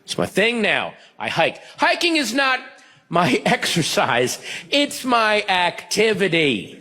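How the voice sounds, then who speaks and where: A man doing stand-up with a lively voice that swings widely in pitch and sits slightly high. His observations land in a wry, deadpan way. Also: slow. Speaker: stand-up comedian. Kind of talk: stand-up comedy.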